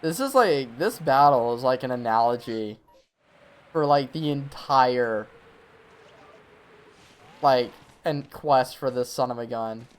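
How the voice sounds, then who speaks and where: Animated man streaming a game. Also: medium pitch. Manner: talks to himself and the game, quick reactions. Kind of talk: live gameplay commentary.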